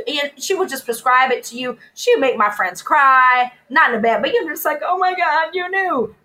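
A woman from New Orleans, a podcast guest, telling stories in an animated way and mimicking other people's voices. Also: sits high, normal speed, hardly any pauses, a little hiss or hum, low-quality recording. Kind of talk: casual storytelling chat.

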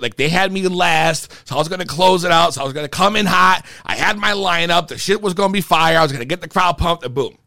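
A man's voice: high voice, fairly quick, creaky, pushed and bright, dry recording, clean studio sound. A young man casually telling a heated, profane story about a show that went wrong. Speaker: performing rapper telling a story.

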